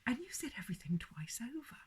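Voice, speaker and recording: A woman's voice: on the high side, big pitch swings, quick pace, a little mellow, slightly rough, pitched above the performer's own voice, heavily acted. A woman voicing a fond, teasing young father in a storybook reading.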